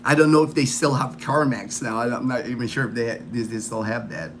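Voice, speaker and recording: A man's voice: medium pitch, a little fast, background noise. A man hosting a casual livestream chat, rambling and repeating himself with lots of fillers. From United States. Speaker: livestream host.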